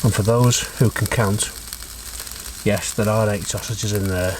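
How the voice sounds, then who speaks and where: A man's voice: fairly low pitch, steady tone, measured pace, slight background noise. A man vlogging from a camper van, chatting casually and joking about himself in a dry way. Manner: dry, self-mocking jokes. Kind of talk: casual chat.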